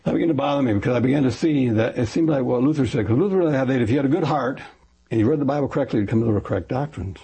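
Fast-talking older man with a gravelly, husky voice. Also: medium pitch. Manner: animated, acts out quoted voices; rambling, self-correcting. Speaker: retired pastor. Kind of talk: interview storytelling.

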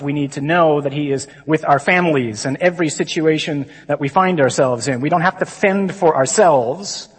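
A man, a priest, giving a lively conference talk to a crowd of men. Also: on the high side, breathy edge. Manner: lively, mimics stuffy readings. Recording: long hall reverb.

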